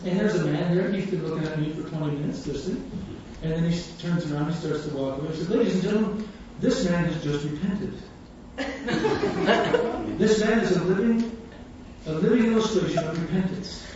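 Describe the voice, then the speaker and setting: A man preaching a sermon, telling stories with animated quotes and frequent laughter. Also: a little high, fairly quick, noisy background. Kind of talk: sermon with storytelling. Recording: echoey distant hall sound, dull.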